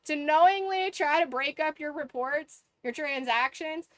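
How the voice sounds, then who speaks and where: A woman's voice: sits high, a little slow, a bit bright, no echo. A young woman streamer telling a story in casual chat, laughing often and swearing now and then.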